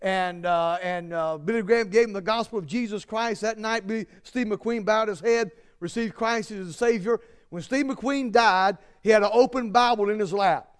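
Man, pastor, sermon, high voice, smooth and resonant, stumbling fillers, earnest emphatic build. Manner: halting, lots of fillers and restarts; earnest, rising to emphatic peaks. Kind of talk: sermon with personal stories.

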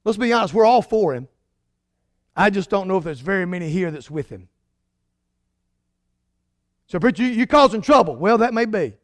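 A man preaching a sermon as pastor, emphatic, swinging from loud declarations to hushed lines. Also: high-pitched, expressive, moderate pace, pauses often, no echo.

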